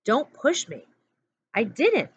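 A woman's voice: fairly high pitch, wildly swooping pitch, takes it slowly, muffled recording, a little hiss or hum, pitched above the performer's own voice, exaggerated voice. A woman reading as a timid, defensive teenage boy. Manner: defensive, pleading. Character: timid teenage boy trying to avoid trouble.

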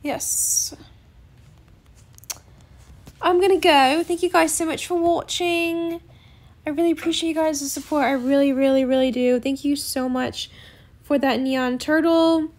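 Slow, high-voiced woman gaming host. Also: steady tone, a little mellow. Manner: rambling, hesitant, lots of fillers. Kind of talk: casual gameplay chat.

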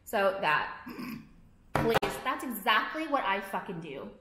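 A woman's voice: mid-range voice, very animated, takes it slowly, heavy background noise. A young woman vlogging to her viewers, ranting in a profane, exasperated way and filling her talk with "like". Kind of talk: casual ranting to camera. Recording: echoey room.

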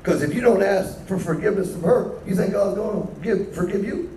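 A man's voice: high voice, brisk, warm tone, slight background noise. A man preaching as a bishop in a conversational style, answered by the congregation. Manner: conversational preaching with call-and-response. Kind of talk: sermon. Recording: echoey church from far off.

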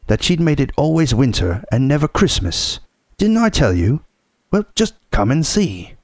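A man voicing an excited male talking beaver who shouts with eager delight in a storybook reading. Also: medium pitch, normal speed, no room sound, clean studio sound, pitched above the performer's own voice.

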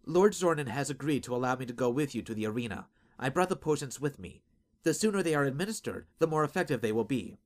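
A man's voice: animated, fast talker, lightly acted. A man voicing a devoted young woman healer who sounds anxious yet determined. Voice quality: anxious, determined, higher-pitched.

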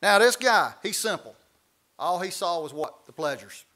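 A man leading a church Bible study, preaching with animated, folksy asides. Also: sits high, moderate pace. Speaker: pastor.

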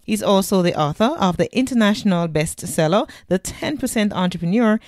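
A woman's voice: mid-range voice, darkish tone, dry recording, studio quality. A woman hosting an interview podcast, bubbly, playful and teasing. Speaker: podcast host.

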